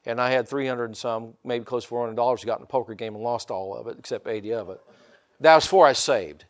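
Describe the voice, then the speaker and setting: An older man from Indiana preaches a sermon at a fast clip, his voice sitting at a medium pitch. The pastor keeps a folksy tone and often calls out to the congregation for amens.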